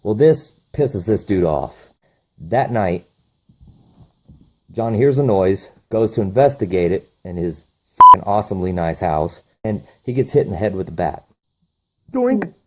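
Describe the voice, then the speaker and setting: A man's voice: deep voice, animated, normal speed, bright, forceful tone, a little hiss or hum. A man reviewing a movie, recapping the plot casually with profane enthusiasm.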